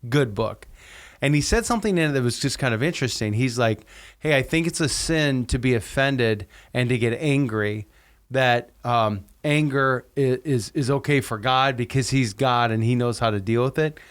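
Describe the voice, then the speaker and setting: A man's voice: medium pitch, moderate pace, clear, resonant tone. A middle-aged man co-hosting a podcast, telling stories in a casual chat and animatedly acting out other people's lines. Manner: animated storyteller, acts out quoted voices. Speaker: podcast co-host.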